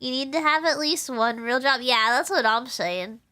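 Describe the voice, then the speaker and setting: A young woman VTuber chatting on a live stream, rambling without pausing and laughing often. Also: high voice, bright, forceful tone. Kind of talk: casual live-stream chat.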